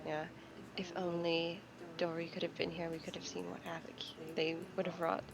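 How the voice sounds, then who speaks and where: A woman playing a tabletop game, tossing in playful quick asides. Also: lowish voice, flat delivery, gravelly. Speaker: player.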